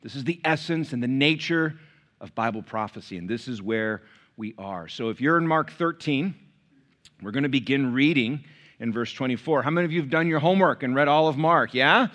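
A man's voice: medium pitch, lively intonation, a little fast, fairly bright tone. A middle-aged man preaching a sermon as pastor, telling stories with quoted dialogue and asides to the congregation.

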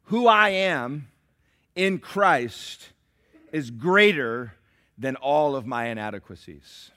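Bright-voiced preacher with big swings. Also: male voice, medium pitch, animated. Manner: swings between shouted climaxes and hushed, slow asides. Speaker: pastor. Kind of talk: sermon. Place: church sanctuary.

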